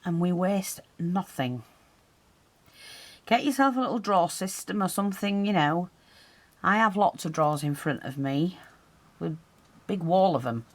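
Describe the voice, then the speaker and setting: A woman's voice: lowish voice, a little slow, long pauses. A woman teaching a hands-on craft tutorial, chatting and explaining as she works, her breathing audible while she concentrates.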